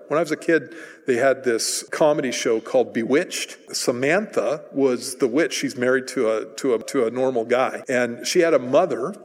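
A man with a mid-range voice preaches a sermon conversationally, retelling a story and briefly acting out its voices. The recording carries hall reverb.

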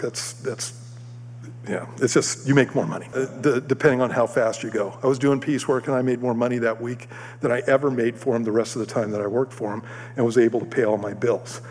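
A man giving a sermon, telling a personal story in an animated way and acting out the voices of the other people in it. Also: medium pitch, a little fast, a little hiss or hum. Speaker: preacher. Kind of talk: sermon testimony. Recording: long hall reverb.

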